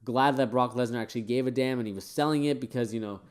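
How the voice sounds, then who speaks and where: A man's voice: medium pitch, quick pace, smooth. A man giving casual, opinionated commentary on a wrestling event, rambling with fillers and sounding tired. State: tired, yawning. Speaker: wrestling show reviewer.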